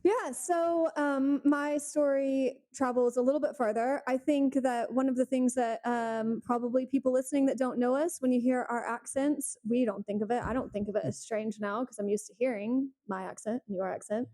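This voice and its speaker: A Texan woman in her thirties chats on a podcast from her couch at home. Her voice sits a touch high yet sounds mellow and warm. A slight lisp softens her direct, storytelling delivery. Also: fairly even intonation, moderate pace, few pauses. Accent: Texan American. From Texas, United States. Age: 30s. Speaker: podcast co-host. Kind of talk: casual chat.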